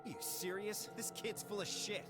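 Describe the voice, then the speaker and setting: A man's voice: high-pitched, steady tone, moderate pace, natural voice. A man voicing a dismissive, mocking young man in a video game. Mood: sneering. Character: sneering, callous young man. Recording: game audio, music behind.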